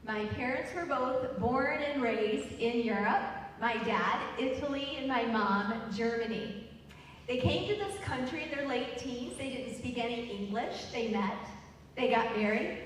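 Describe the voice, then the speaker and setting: A middle-aged woman tells a personal story on stage, slowly and chattily, with a fairly high voice and laughter at her own jokes. She is heard from far off in a big hall full of echo. A faint hum sits under the recording. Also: lively intonation. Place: large hall at a live event.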